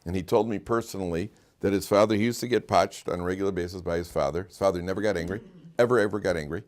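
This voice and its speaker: Lower-voiced man teaching a joking class. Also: quick pace, darkish tone. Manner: informal and joking, with frequent restarts. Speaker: rabbi teaching a weekly Torah class. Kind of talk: conversational Torah lecture with stories.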